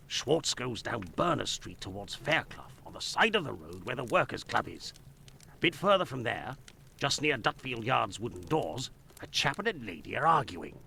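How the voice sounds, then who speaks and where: A man's voice: medium pitch, gravelly, sharp tone, a little hiss or hum, full character voice. An actor playing a boastful, chatty newspaperman who tells stories in slangy speech in a video game. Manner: brash, storytelling, slangy. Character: cocky London male newspaperman, boastful and chatty.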